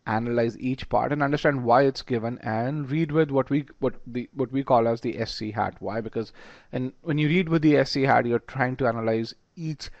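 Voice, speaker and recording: A man's voice: mid-range voice, normal speed, no room sound, dull audio. A man teaching test preparation in a webinar, emphatic and repeating words as he thinks aloud. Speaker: test prep instructor. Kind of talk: webinar lecture.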